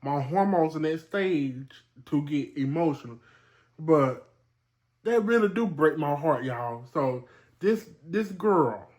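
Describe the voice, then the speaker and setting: A woman's voice: deep voice, a little mellow. Chatty woman vlogger talking to viewers. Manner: chatty, repeats herself, calls viewers y'all. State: emotional. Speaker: vlogger host. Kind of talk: casual commentary to viewers.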